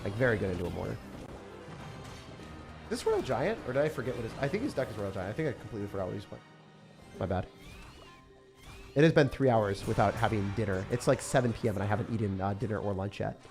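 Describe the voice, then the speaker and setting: A young man streaming a game live, reacting loudly and then mumbling low as he talks through decks. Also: fast talker, long pauses. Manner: excitable, swings from shouting to low mumbling. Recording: faint music behind.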